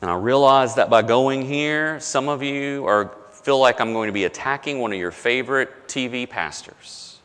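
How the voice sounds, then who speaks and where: A man's voice: moderate pace, few pauses, clean tone. Man preaching in a reverberant hall. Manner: conversational preaching, dropping low and soft for emphasis. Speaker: pastor. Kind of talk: sermon.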